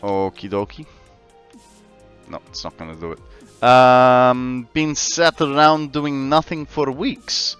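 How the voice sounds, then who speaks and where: A man's voice: medium pitch, slow pace, a bit bright, clear, resonant tone, dull audio. An Australian man streaming a game, chatting and joking with his viewers. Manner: joking, chats with viewers as he plays. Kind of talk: casual livestream chat. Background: faint background music.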